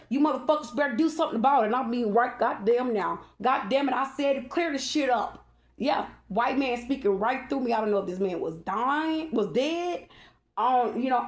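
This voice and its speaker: In a fairly high, reverberant voice, a woman who reads tarot and vlogs pours out an emotional monologue to her followers. She goes on at length, stressing her points and wandering off track while repeatedly calling out to the people listening.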